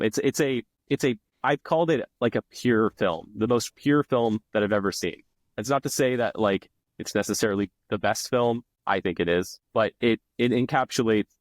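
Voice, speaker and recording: A man's voice: fairly low pitch, dry recording. A man co-hosting a podcast, chatting casually and enthusiastically about films, with frequent restarts. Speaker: podcast co-host. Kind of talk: casual film discussion.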